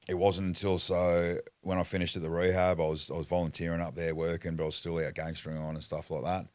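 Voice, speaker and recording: Very deep-voiced blunt Australian man. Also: level tone, fast talker, no echo. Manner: blunt, swears constantly; rambling, restarts sentences. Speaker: podcast guest. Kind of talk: candid personal storytelling.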